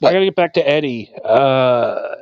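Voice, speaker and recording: Medium in pitch and animated at a moderate pace, this man co-hosts a casual stoner podcast, rambling loosely and profanely in a laid-back style. The sound is slightly dull and lo-fi, with no room sound.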